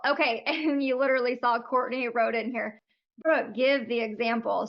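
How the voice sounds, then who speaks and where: High-voiced woman coaching over video call. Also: dull audio. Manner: friendly, frank and chatty. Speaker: business coach for photographers.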